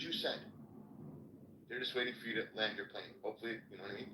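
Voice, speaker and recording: A man's voice: fairly low pitch, fairly even intonation, fast, long pauses, reverberant, recorded from a distance, background noise. A man hosting a casual livestream chat, rambling and blunt, swearing now and then. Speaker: livestream host.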